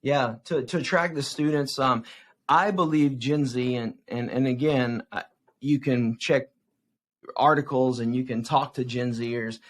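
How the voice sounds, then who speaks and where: A man in his forties, a youth evangelist, answering interview questions as an animated storyteller who keeps checking in with "right?". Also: medium pitch, a little slow.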